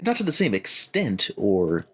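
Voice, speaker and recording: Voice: low voice, huge pitch swings, a little slow, fairly bright tone, slightly rough. A podcast co-host in casual chat, chiming in with dry, agreeable remarks.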